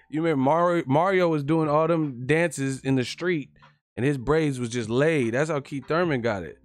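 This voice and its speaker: A man hosting a live stream, giving casual, profane fight commentary, animated and quick to laugh. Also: fairly high pitch. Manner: animated, profane, laughing, breaks into yelled impressions.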